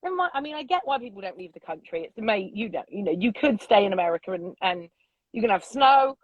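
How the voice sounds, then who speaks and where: A middle-aged woman, a loud and unapologetic storyteller chatting as an interview guest from her vintage bus. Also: mid-range voice, very animated, fast, slightly rough, no echo, muffled recording. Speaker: podcast guest. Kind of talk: casual interview chat.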